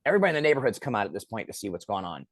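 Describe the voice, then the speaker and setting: A man's voice: on the low side, sing-song, racing, dry recording. Male director as guest, casual storyteller who acts out quotes, dry close sound.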